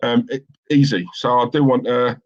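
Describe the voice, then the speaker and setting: A man's voice: medium pitch, little pitch movement, moderate pace, darkish tone. A man, chatting casually on a football fan live stream and reading out viewers' comments with slangy banter. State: has a headache. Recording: dull lo-fi stream audio.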